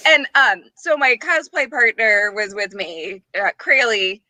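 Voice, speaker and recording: A woman's voice: a little high, a little slow, hardly any pauses, bright, forceful tone, dry recording. A woman co-hosting a podcast, telling a story in casual chat and laughing often. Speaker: podcast co-host.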